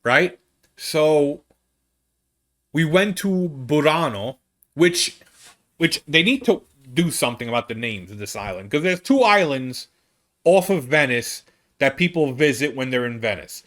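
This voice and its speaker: A man, a comedian, telling a rambling travel story in an animated, casual way. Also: unhurried. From United States. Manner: animated, rambling, with big swings in pitch. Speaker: comedian host.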